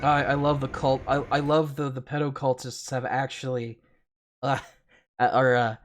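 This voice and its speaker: A man's voice: medium pitch, little pitch movement, a little slow, a little hiss or hum. A man hosting a live stream, reacting to clips with mocking, sarcastic commentary full of swearing. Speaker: streamer host.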